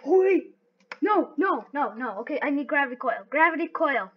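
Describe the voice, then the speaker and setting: High-pitched excitable woman gaming. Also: brisk. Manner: excitable, talks to herself while playing. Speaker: gaming video host. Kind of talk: live gameplay commentary. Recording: dull lo-fi recording.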